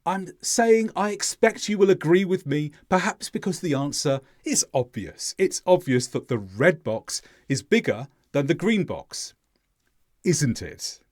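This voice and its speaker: Lively-pitched male English teacher. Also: dry recording, studio quality. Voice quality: clear, deliberate teaching voice with exaggerated intonation in examples. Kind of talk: scripted lesson.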